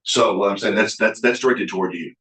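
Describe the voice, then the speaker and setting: A deep-voiced middle-aged man teaches at a Bible college, folksy and earnest, stumbling into restarts as he acts out old conversations. His low voice carries around an echoey room. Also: a little fast, fairly bright tone. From Oklahoma. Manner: folksy, earnest, with frequent restarts and quoted dialogue. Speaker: guest speaker at a Bible college. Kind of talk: sermon-like leadership lecture with storytelling.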